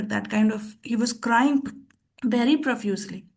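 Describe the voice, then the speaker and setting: A woman teaching a scripture class, telling a story in a thoughtful, pausing way with restarts. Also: on the high side, vocal fry. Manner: thoughtful, with frequent pauses and restarts.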